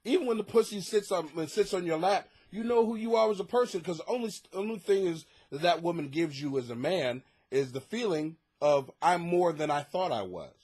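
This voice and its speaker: A man's voice: sits high, animated, normal speed, few pauses, darkish tone, slightly rough. A man hosting a comedy podcast, ranting profanely with sarcastic mock outrage while reading listener letters. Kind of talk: crude comedic advice rant. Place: home basement.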